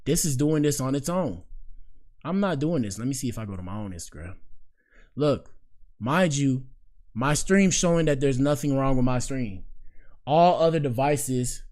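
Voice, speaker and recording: With a mid-range voice at normal speed broken by long pauses, a young man hosts a casual live-stream show. He chats in loose slang, animated, reacting aloud to clips and talking back to the screen.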